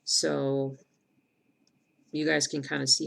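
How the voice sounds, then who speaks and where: Very gravelly middle-aged woman streamer. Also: low-pitched, moderate pace. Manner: chatty, rambling, answers viewer comments aloud. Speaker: cross-stitch streamer. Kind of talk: casual live-stream chat.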